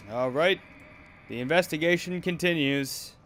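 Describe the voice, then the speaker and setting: A man hosting a let's play, reading game text aloud calmly while he plays. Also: on the high side, a little slow, faint music behind.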